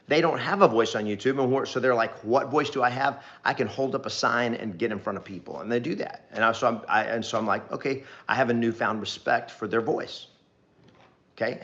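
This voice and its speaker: A man's voice: medium pitch, a little fast, fairly bright tone, highs cut off. A middle-aged man, a real estate trainer, giving an earnest, rambling motivational talk to camera and repeating phrases for emphasis.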